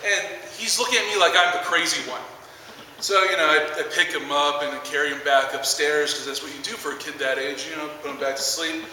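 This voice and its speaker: A man's voice: a little high, a little fast, bright, forceful tone, very echoey, in a large hall, recorded from a distance, slight background noise, low-quality recording. A man in his twenties doing stand-up, rambling through a story with lots of fillers. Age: 20s. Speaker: stand-up comedian. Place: large theater stage.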